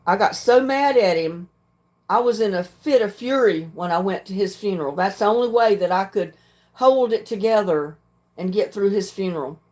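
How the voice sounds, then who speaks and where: Older woman, livestream host, plain frank talk, frequent throat-clearing. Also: medium pitch, normal speed, a little mellow. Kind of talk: casual chat reading viewer comments.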